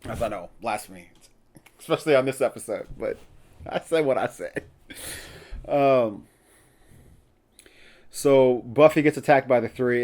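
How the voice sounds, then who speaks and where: A man hosting a podcast, casually recapping an episode in a chatty, opinionated way and laughing often. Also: mid-range voice. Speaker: podcast host.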